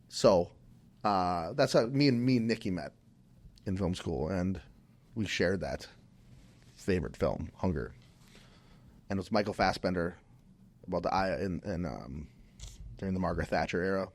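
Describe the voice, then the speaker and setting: A man from Minnesota with a low, deep voice tells a story on a podcast. He talks casually and loosely, doubling back, restarting sentences and filling gaps with ums. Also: a little mellow. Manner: rambling, many restarts and fillers. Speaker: podcast guest.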